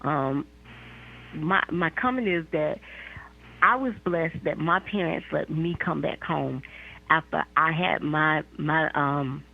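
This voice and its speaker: A woman's voice: deep voice, slow pace, creaky. Woman calling in over a phone line. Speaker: caller. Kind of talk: call-in comment.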